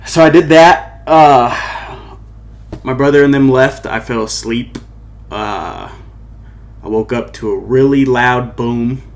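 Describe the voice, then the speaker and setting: A man's voice: mid-range voice, slow. A young man hosting his own podcast, telling a personal story in a loose, rambling way, full of "like" and "you know what I mean". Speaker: podcast host and musician.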